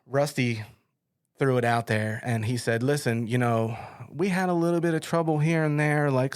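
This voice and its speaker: A middle-aged man hosting an interview, chatting casually and telling stories with lots of fillers and restarts. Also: mid-range voice. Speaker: podcast host.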